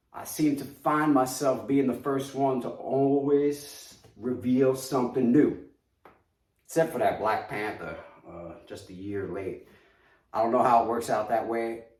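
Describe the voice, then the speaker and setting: A man's voice: fairly low pitch, distant mic. A man with a New York accent hosting a casual collectibles unboxing video, chatty and hyping his reveals straight to viewers. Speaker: collectibles reviewer. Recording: echoey room, voice a bit off-mic.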